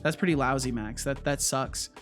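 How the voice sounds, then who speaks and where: A man's voice: mid-range voice, moderate pace, fairly bright tone, faint music behind. A man chatting casually on his livestream, often stammering and repeating words. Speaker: streamer and game developer. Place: home.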